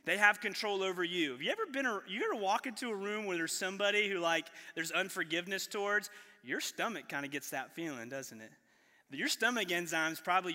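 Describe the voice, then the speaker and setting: A man's voice: high voice, pushed and bright, long reverb tail. A man pastor preaching a sermon in a conversational way, putting rhetorical questions to the congregation. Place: church sanctuary.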